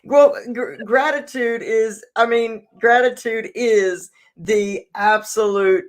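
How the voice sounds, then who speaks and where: A man's voice: sits high, takes it slowly. A man hosting a podcast, talking reflectively and telling a personal story. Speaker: podcast host. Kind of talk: casual podcast chat.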